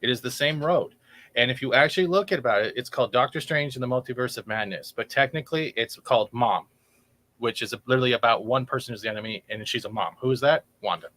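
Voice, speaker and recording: A man co-hosting a live-stream movie chat, with a bright, forward tone. His pitch is ordinary for a man. He cuts in to sum up his take, restarting as he goes. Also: fast. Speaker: co-host.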